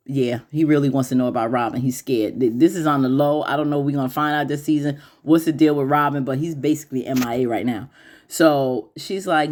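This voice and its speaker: A woman hosting a casual TV recap, chatty and opinionated, laughing often and pitching her voice up to mimic the characters. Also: lively intonation, a little fast. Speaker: YouTube TV recap host.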